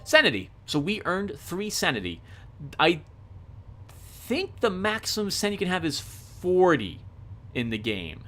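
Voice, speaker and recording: A man doing casual game commentary, excitably explaining the rules aloud and reading out the game text. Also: high voice, measured pace, pauses often, slight background noise. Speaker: let's play host.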